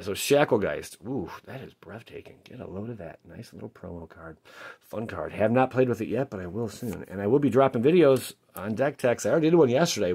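A man hosting a casual card pack-opening video, joking to himself and shouting when he pulls a good card. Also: lowish voice, husky. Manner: excitable, jokey, shouts at big pulls. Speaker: card-opening channel host.

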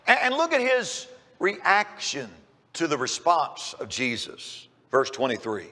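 A man's voice: a little high, huge pitch swings, a little slow, sharp tone, big-room sound. A man preaching a sermon in church, emphatic and often repeating his first words as he starts a sentence. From Kentucky. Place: church sanctuary.

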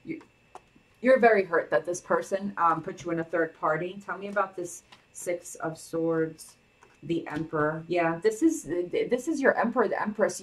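A woman's voice: on the low side, far from the mic, poor audio. A woman giving a casual tarot reading to her viewers, chatty and sassy, full of "like" and "you know". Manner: sassy, chatty, heavy on fillers. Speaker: tarot reader.

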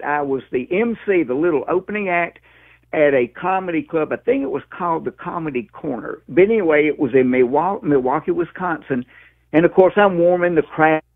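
A comedian from Mississippi in his sixties with a Southern accent, telling stories in a lively, folksy way during an interview. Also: a little high. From Mississippi, USA. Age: 60s. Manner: lively storyteller, calls the host "man" and "dude". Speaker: stand-up comedian guest. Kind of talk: interview over the phone. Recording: tinny phone line.

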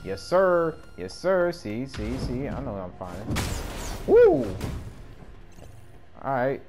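A man giving casual gameplay commentary in slangy speech, swinging between yelling and mumbling. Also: mid-range voice, big pitch swings, moderate pace. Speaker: gamer. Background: game music.

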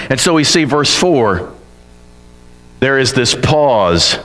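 A man's voice: medium pitch, fairly bright tone, in a large hall. A man preaching a sermon in an earnest, conversational way, voicing bold complaints to God as he reads the psalms.

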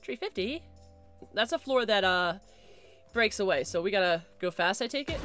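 A woman's voice: medium pitch, lively intonation, moderate pace, fairly bright tone, faint music behind. A woman streaming a game live, chattering and reacting, often repeating phrases in a rush and shrieking when things go wrong. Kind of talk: live gameplay commentary.

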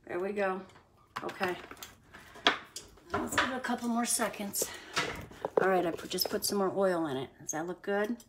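Chatting directly to viewers while she cooks, a woman runs a casual livestream from her home kitchen. Her medium-pitched voice moves at a moderate pace with long pauses, picked up by a distant mic in a noisy home recording full of clicks.

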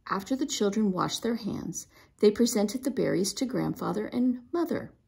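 Gravelly woman reading a storybook. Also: mid-range voice, expressive, moderate pace, darkish tone. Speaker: storybook reader. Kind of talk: reading a children's book aloud.

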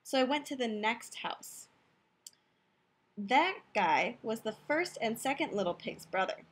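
A woman reads a picture book aloud in a youth room, telling it in first person as the wolf. Her delivery is playful and expressive, her voice somewhat high and a little husky, with pitch that rises and falls a great deal. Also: measured pace. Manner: playful, expressive storybook reading. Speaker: storyteller.

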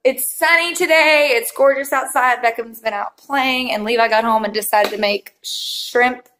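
A woman's voice: a little high, fairly even intonation, moderate pace, a bit bright. A young woman, a mother, chatting casually to the camera in a family vlog, laughing often and cooing at her kids.

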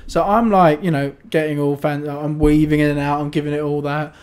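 Man, podcast co-host, animated storyteller, slightly high voice. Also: fairly quick, clear, resonant tone. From England. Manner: chatty storyteller, animated, restarts often. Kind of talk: casual chat.

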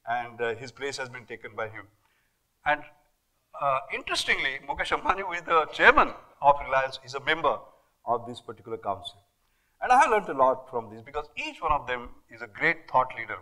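An older man with an Indian English accent giving an academic lecture, emphatic and animated, with many rhetorical questions and fillers. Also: medium pitch, rough recording. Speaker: guest lecturer. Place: lecture hall.

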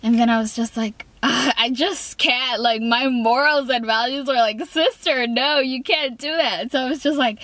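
A woman's voice: sits high, fairly bright tone. A young woman telling a storytime in a casual, rambling way, full of fillers and restarts, often laughing and quoting herself. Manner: giggly, laughs between lines. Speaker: vlogger.

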